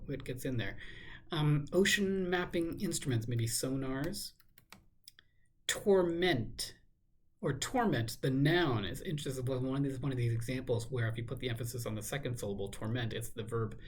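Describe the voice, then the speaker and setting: A man thinking aloud in a measured, musing way as he works through a crossword, now and then correcting himself. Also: mid-range voice, slight background noise. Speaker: crossword solver. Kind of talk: thinking aloud while solving a puzzle.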